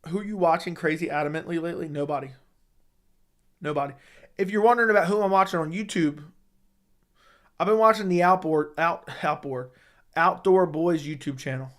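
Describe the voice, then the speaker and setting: A young man hosting a casual livestream, reading viewer comments in a laid-back, low-key way and swearing casually. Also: fairly quick, pauses often, a bit bright. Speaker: livestream host reading chat.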